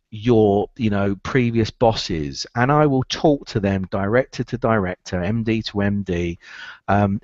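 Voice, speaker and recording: A man's voice: lowish voice, dry recording, lo-fi sound. A man giving a recruitment training talk, emphatic and repetitive, driving points home.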